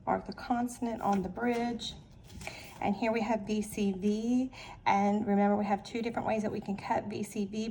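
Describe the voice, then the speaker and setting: A woman's voice: mid-range voice, gravelly, dark tone, slightly rough. A woman teaching a phonics lesson, walking through each step patiently and methodically, repeating the steps aloud.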